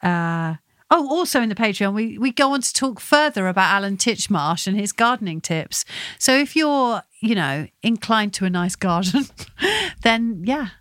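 A woman's voice: medium pitch, sing-song, moderate pace, fairly bright tone, no room sound. A woman hosting a podcast interview in a breezy, easygoing way. Her voice is recorded close and dry, with no room sound around it. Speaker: podcast host. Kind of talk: casual interview chat.

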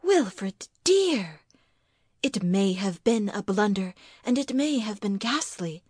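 A woman's voice: medium pitch, lively intonation, takes it slowly, a little mellow, husky, no echo, studio quality. A woman reading a story and voicing an anxious, devoted young wife who speaks in an earnest, pleading way.

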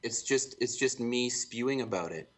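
A man's voice: mid-range voice, expressive, normal speed. A man from Canada, a music producer guest on a podcast, talking frankly and with self-deprecating humor. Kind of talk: casual interview chat.

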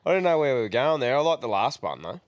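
A man's voice: mid-range voice, big pitch swings, quick pace, dry recording. A man with an Australian accent co-hosting a podcast, reacting to listener jokes with laughs and swearing. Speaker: podcast co-host. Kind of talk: casual chat.

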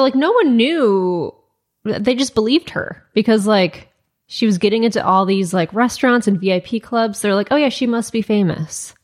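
A young woman co-hosting a casual chat, telling a story in a chatty way full of "like" fillers. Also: medium pitch. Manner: chatty, frequent "like" fillers, quick asides. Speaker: podcast co-host.

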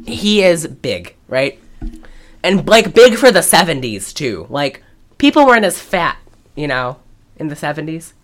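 A woman's voice: deep voice, unhurried. A woman co-hosting a podcast, recapping a movie in casual chat and acting out the characters' lines as she goes. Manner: animated, acts out quoted lines while recapping. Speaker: podcast co-host.

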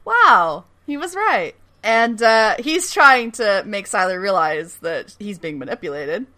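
Animated, laughing woman recapping a show. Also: mid-range voice, unhurried. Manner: animated, laughing, swearing, acting out quotes. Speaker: podcast co-host. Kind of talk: casual recap chat.

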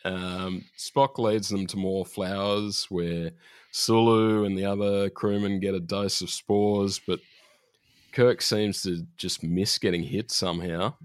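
A man's voice: low voice, steady tone, slow, clear, resonant tone, no room sound, clean studio sound. A man, a podcast host, recapping an episode in casual chat, laid-back and often laughing, with ums as he trails off.

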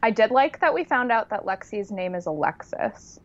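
A woman co-hosting a podcast in relaxed casual chat, wry and dry in her humor. Her pitch is middle, and her recording sounds a little dull and muffled. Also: normal speed. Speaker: podcast co-host. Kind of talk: casual chat recapping a reality show.

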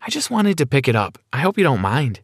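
A man voicing a distraught young woman in a narrated story, speaking in a raised, strained pitch. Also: very animated, quick pace, breathy edge, no room sound, clean studio sound. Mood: upset.

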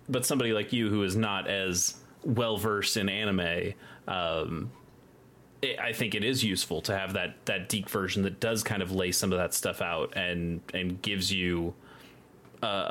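A man's voice: deep voice, fairly bright tone. A man co-hosting a podcast, talking casually with lots of restarts and filler words. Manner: rambling, many restarts and fillers. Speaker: podcast co-host. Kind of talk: casual chat.

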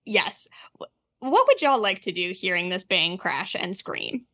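A woman's voice: medium pitch, sing-song, unhurried, fairly bright tone. Woman game master narrating a role-play.

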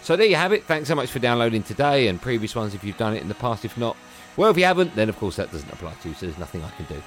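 A man's voice: fairly low pitch, lively intonation, very fast, soft background music. Chatty male radio host. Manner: jokey, chatty. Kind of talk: casual radio chat.

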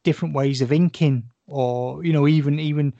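A man's voice: a little high, steady tone, normal speed, vocal fry, warm tone, no room sound. Frank, rambling man, dull dry audio. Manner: rambling, frank, swears casually. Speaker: guest artist. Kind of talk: casual chat.

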